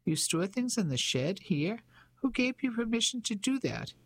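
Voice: medium pitch, lively intonation, normal speed, no room sound, lightly acted. A reader voicing a haughty middle-aged Englishwoman. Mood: indignant. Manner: indignant, officious. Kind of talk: audiobook character voice.

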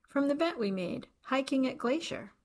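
A woman reading the part of a calm, joking man who speaks in a businesslike, mock-solemn way, in her own slightly gravelly voice. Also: high voice, moderate pace, voice pushed up. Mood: deadpan.

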